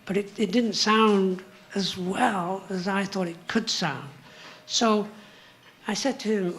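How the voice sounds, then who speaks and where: An older man with a high voice, telling stories as a musician guest on a live stage, humming and singing song parts as he goes. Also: slow pace, a bit bright. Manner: hums and sings song parts while telling stories, chuckling. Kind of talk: live on-stage interview storytelling.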